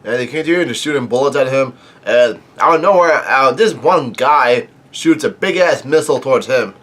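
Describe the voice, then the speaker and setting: A man talks through a comic chapter as a casual reviewer, at a middling pitch. He stumbles and restarts often, filling gaps with fillers as he recounts the story. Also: lively intonation, a bit bright. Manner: halting, many fillers and restarts. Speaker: manga reviewer.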